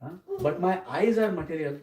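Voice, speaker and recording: A man's voice: a little high, moderate pace. Man lecturing in a roomy hall. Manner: often checks in with the audience with "Huh?" and "Okay?". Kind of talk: scripture class. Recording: roomy, distant mic, faint noise.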